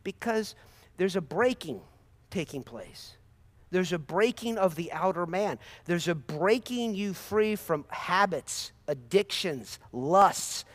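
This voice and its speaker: A man preaching a sermon with impassioned, repetitive phrasing and sudden bursts of praise. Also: high voice.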